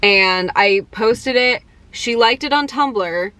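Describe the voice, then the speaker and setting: A young woman vlogger telling excited personal stories in a casual, chatty way, full of fillers. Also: a little high, takes it slowly, dry recording. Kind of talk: casual storytelling to camera.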